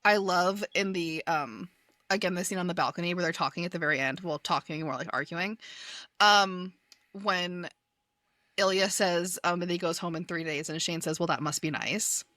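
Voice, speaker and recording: A woman's voice: fairly low pitch, normal speed, sharp tone, no room sound, clean studio sound. A woman co-hosting a podcast, recapping a TV episode in giggly casual chat, cussing and trailing off in fillers. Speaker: podcast co-host.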